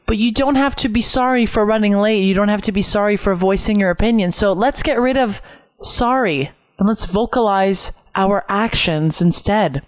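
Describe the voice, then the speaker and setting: A woman's voice: medium pitch, moderate pace, no room sound. A young woman from Canada hosting her own podcast at home, talking earnestly and reflectively, repeating phrases for emphasis. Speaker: podcast host. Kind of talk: solo podcast talk. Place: home room, window open.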